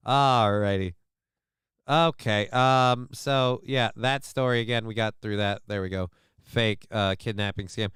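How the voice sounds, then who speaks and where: Man, livestream host, rambling, profane, joking, crisp clear voice. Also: medium pitch, unhurried, fairly bright tone, no room sound, studio quality. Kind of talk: casual chat to a live chat.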